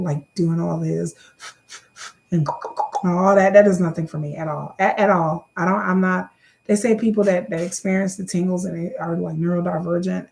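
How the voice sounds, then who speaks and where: A woman's voice: fairly low pitch, vocal fry. A woman in her thirties doing a casual question-and-answer vlog to camera, chatty, often repeating words and calling viewers y'all.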